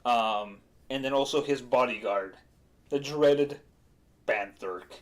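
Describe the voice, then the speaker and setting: A man's voice: medium pitch, slow. A man talking casually on a stream as game master, rambling with many fillers and laughs.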